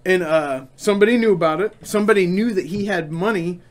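A man co-hosting a laid-back podcast chat, agreeing and chiming in often while his co-host talks. His voice sits fairly high for a man. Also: fairly quick. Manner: agreeable listener who chimes in with short affirmations. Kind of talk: casual chat.

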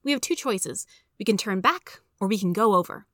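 A woman reading the lines of a dutiful, sensible young girl in a storybook, lifting her voice higher for her. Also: expressive, normal speed, a bit bright, no echo, clean studio sound, natural voice.

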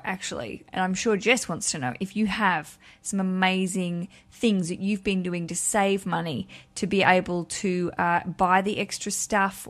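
A woman's voice: medium pitch, a bit bright. Woman host, casual podcast chat, bubbly and chatty, mid-range voice. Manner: chatty and bubbly, laughs often.

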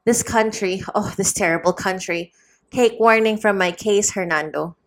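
A woman's voice: medium pitch, normal speed, natural voice. A woman voicing a sick, aged, gloomy male friar who talks in a weary, sighing way.

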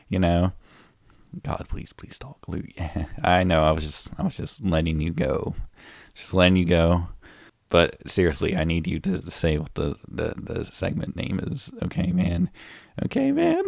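A man's voice: low voice, dry recording, clean studio sound. A young man co-hosting a comedy podcast, rambling, joking and teasing in casual chat. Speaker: podcast co-host.

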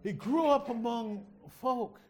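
A male pastor preaching a sermon, swinging from hushed asides to loud shouts and teasing his congregation. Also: extremely high pitch, takes it slowly.

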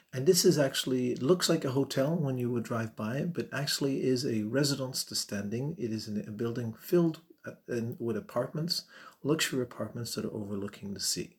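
Male podcast host, mid-pitched, friendly and unhurried explainer. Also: a little mellow.

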